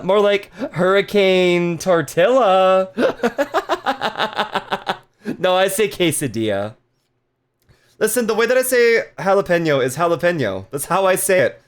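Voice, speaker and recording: A playful streamer chats with viewers live, their middle-pitched voice swooping up and down with lively energy. They giggle a lot, crack crude jokes, and keep a measured pace.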